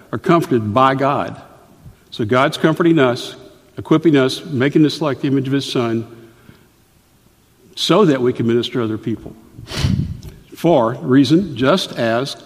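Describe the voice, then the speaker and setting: A middle-aged male pastor delivering a sermon in an earnest, deliberate way, often stopping to explain a point. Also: medium pitch, darkish tone, husky. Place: church sanctuary. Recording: reverberant church hall.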